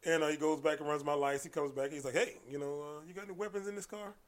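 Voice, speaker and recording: Animated storytelling man, fairly high voice. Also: fast. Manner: animated storyteller, acts out quoted exchanges, frequent restarts. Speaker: podcast guest, martial arts coach. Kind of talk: casual conversation.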